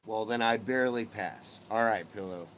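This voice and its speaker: A man's voice: fairly low pitch, moderate pace, a bit bright, slight background noise, low-quality recording. A middle-aged man hosting a casual live stream from his porch, swearing freely and cracking jokes. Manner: profane, joking banter. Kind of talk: casual chat with viewers. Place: outdoors on a home porch.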